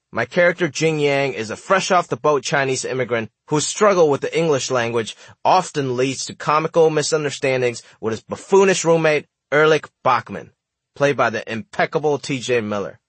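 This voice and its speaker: A man's voice: medium pitch, animated, normal speed, fairly bright tone, dry recording. A man from Hong Kong reading his own memoir aloud in a wry, comic storytelling manner. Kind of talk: audiobook narration.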